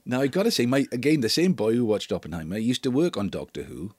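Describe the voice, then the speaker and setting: A man's voice: medium pitch, husky. A man co-hosting a casual chat show, talking in a jokey way and laughing easily. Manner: lively, jokey, quick to laugh. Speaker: show co-host.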